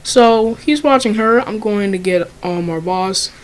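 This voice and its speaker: Young woman, casual storytime, profane, lots of fillers, middle pitch. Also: measured pace, rough recording. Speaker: vlogger.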